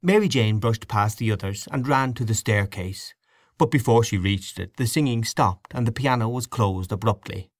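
A man reading a literary short story aloud as an audiobook narrator, in a measured, expressive way. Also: fairly low pitch, no room sound.

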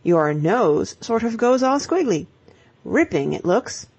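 A woman reading an audiobook voices a devoted young gentleman, speaking slowly and haltingly. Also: medium pitch, big pitch swings, husky, exaggerated voice. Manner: slow, halting, meditative. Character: devoted, dreamy young gentleman, slow-witted.

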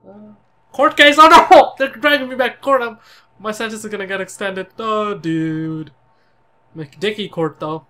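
A man giving excitable gameplay commentary, crying out in panic and cursing at the game. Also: high voice, measured pace. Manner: jumpy, cries out in panic, curses at the game. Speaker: let's play commentator.

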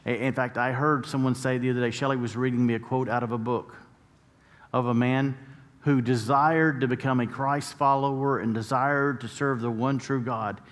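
A man's voice: mid-range voice, steady tone, moderate pace. A male pastor preaching a sermon, telling stories and building to emphatic points. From United States. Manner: storytelling preacher, rising to emphatic peaks. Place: church sanctuary. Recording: long church hall reverb.

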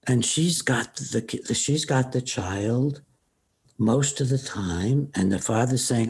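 Older man with a very husky, gravelly voice. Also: mid-range voice, slow, darkish tone. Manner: retells cases, quoting patients in his own voice; frank, opinionated. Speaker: psychiatrist guest. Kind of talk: anecdotal storytelling.

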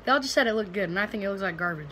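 A woman's voice: medium pitch, animated, very fast, a bit bright, a little hiss or hum, low-quality recording. A young woman, rambling casually to camera in a home vlog, full of fillers and restarts. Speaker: vlogger. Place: at home, indoors.

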